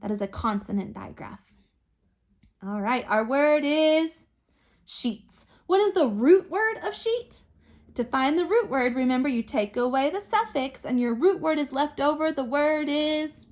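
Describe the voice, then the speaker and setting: Woman teacher, high voice, slow careful sounding out of words for little kids, patient. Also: lively intonation. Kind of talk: remote phonics lesson for young children.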